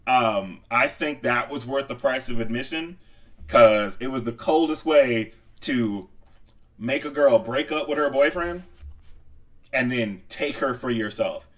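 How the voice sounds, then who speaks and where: A man's voice: mid-range voice, a little slow, recorded from a distance. A man co-hosting a casual movie podcast, telling stories with acted-out quotes and frequent laughter. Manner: animated storyteller, acts out quotes, laughs a lot. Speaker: podcast co-host. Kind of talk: casual movie review chat.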